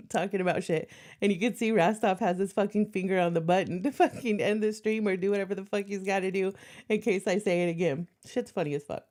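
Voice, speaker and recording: A woman's voice: mid-range voice, darkish tone. A woman streamer talking bluntly and profanely in casual stream chat, with a sarcastic edge. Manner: slightly out of breath while moving furniture.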